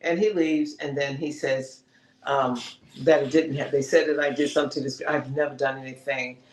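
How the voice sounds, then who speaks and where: A man co-hosting a TV review podcast, telling the story of an episode in a lively way and acting out what the characters say. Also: medium pitch, normal speed, slight background noise. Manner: animated, retells scenes and acts out the characters' lines. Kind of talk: casual review chat. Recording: roomy echo.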